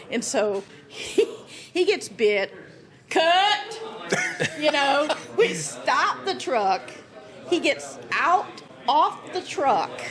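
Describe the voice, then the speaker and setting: A woman storyteller with a slightly raised pitch, animated and quick to laugh as she acts out each scene. She tells a casual anecdote as a podcast guest. Voices from a crowd murmur clearly behind her.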